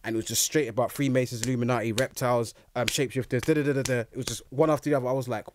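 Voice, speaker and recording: A young man, a guest in a casual interview, telling his story in an animated way and acting out his own reactions. His voice is recorded dry and close. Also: medium pitch, very fast, a little hiss or hum.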